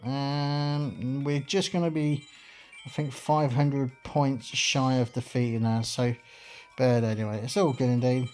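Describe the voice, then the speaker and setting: A man's voice: medium pitch, steady tone, a little slow, a little mellow, soft background music. A man hosting a let's play, talking through his moves in a rambling, chatty way with many fillers. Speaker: gaming channel host.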